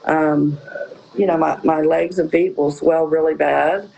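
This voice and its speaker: A woman's voice: deep voice, fairly even intonation, a little slow, creaky, highs cut off, crowd noise. Rambling woman, lots of fillers. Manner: rambling, frequent "you know" fillers. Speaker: guest. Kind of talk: casual interview.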